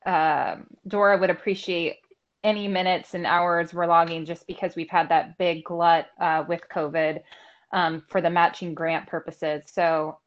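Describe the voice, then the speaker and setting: A woman runs a board meeting, calling votes and giving reminders in a loose, filler-heavy way. Her voice comes through a dull, muffled recording. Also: fairly low pitch. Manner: informal, with many fillers. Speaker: board chair. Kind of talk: chairing a public meeting.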